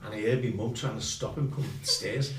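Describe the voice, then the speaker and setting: A man's voice: fairly low pitch, fairly even intonation, quick pace, a loud crowd. An older man telling rambling, self-mocking stories from his youth as a guest musician. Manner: rambling anecdotal, self-mocking, with colloquial slang. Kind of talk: storytelling. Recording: roomy sound, distant mic.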